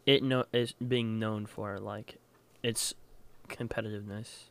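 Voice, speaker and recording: A young man co-hosting a podcast, halting and filler-heavy in casual chat. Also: fairly low pitch, little pitch movement, creaky. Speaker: podcast co-host.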